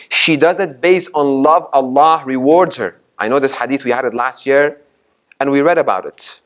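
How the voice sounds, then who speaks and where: With a mid-range voice at a moderate pace, a sheikh preaches a Ramadan sermon in a community mosque hall. He stresses his points emphatically and restates them, asks the audience questions, and recites Arabic sayings, then explains them.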